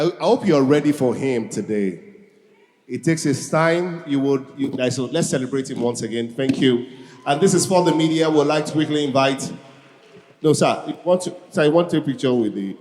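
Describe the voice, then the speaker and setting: A man hosting a live event, hurried, restarting phrases as he calls for applause. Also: medium pitch, a little mellow. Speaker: event emcee. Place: large event hall. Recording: reverberant hall, long echo.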